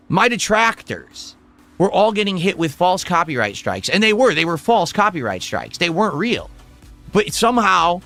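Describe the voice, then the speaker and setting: A man's voice: high voice, sharp tone. A man hosting a livestream, talking straight to his chat at home in a blunt, profane, exasperated way. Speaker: livestream host. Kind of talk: casual livestream talk to chat.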